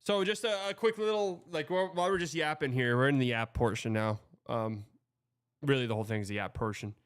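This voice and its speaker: A man's voice: mid-range voice, fairly quick, smooth, no room sound, studio quality. A young man from Texas hosting a show, reading viewer comments in a loose, rambling, chatty way. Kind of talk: casual livestream chat.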